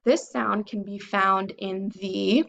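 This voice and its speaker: A young woman teaching a phonics lesson to young children, sounding out word parts slowly and clearly. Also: mid-range voice, fairly even intonation, fairly bright tone. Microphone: computer microphone.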